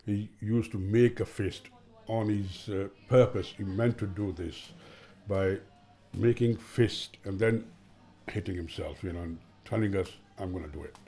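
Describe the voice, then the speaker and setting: A man, a father and carer, speaking in an interview in a halting way and often saying "you know". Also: fairly low pitch, steady tone, dark tone, soft background music.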